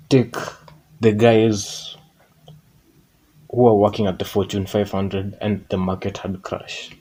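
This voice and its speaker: Slow, low-voiced rambling man. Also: a little mellow. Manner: rambling, digressive, self-correcting. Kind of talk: casual motivational monologue.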